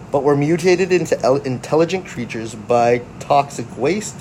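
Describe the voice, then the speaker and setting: A man casually recapping a film in a mid-pitched voice. He rambles, backtracks and corrects himself, with faint air conditioning humming in the background. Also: a little mellow, a little hiss or hum. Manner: rambling, self-correcting, fannish. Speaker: host.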